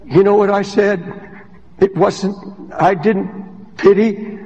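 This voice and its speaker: An older man preaching a sermon as pastor, with impassioned delivery that swings from hushed to shouted. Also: high voice, fairly even intonation, slow pace, highs cut off. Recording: long hall reverb.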